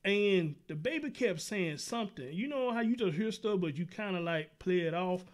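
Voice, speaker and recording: A man with a notably high speaking voice hosts a casual talk show. He rambles through stories in a loose, profane, conversational way, tossing in "dude" and "brother" as he goes. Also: lively intonation, normal speed. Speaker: show host.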